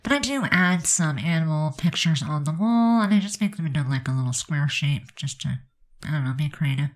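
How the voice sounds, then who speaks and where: Low-voiced congested woman, chatty. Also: lively intonation, a little fast, rough recording. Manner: chatty, rambling, many fillers. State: stuffed up, congested. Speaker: game build narrator. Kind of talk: casual voice-over commentary.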